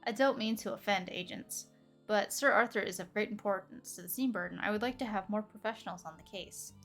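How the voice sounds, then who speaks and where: Lady reading a polite composed editor boss, soft music behind. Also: mid-range voice, fairly quick, lightly acted. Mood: courteous. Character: courteous newspaper editor-in-chief, woman, composed.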